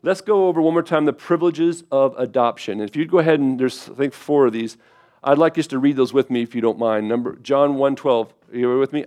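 A man preaching a sermon as pastor, speaking casually, asking his listeners questions and slowing down when reading scripture aloud. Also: mid-range voice, a little mellow. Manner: conversational preaching, asks the congregation questions; slows down to read scripture aloud.

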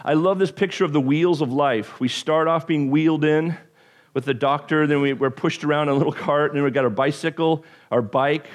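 A male pastor with a slightly higher voice preaches with animated, joking energy. He tosses in self-deprecating asides and often trips over his words and starts again. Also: brisk. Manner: frequent stumbles and restarts. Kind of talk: sermon.

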